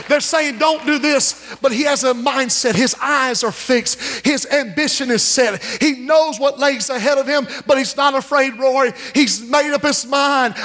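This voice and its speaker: A man's voice: very high voice, bright, forceful tone. A man preaching a sermon, fervently calling out to his congregation as he builds his points. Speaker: pastor. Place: church sanctuary. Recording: reverberant church hall.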